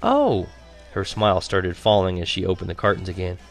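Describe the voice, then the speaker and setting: A man reading a first-person story aloud as narrator, lively and wry. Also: deep voice, fast talker, soft background music. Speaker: audiobook narrator.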